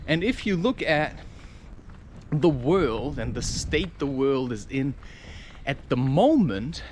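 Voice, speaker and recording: A man's voice: medium pitch, very animated, slow, a little hiss or hum. A man rambling through a spiritual monologue outdoors, laughing at his own points and acting out quoted voices. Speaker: spiritual talker. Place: outdoors, walking or climbing.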